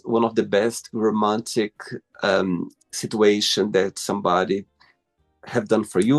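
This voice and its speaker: Gravelly man, lowish voice, enthusiastic interview host. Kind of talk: interview hosting.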